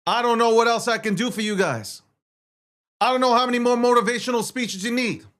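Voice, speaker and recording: A man's voice: very high voice, a little fast, fairly bright tone. A man hosting a livestream, talking in an intense, profane and repetitive rant. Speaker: livestream host. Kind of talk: ranting livestream monologue.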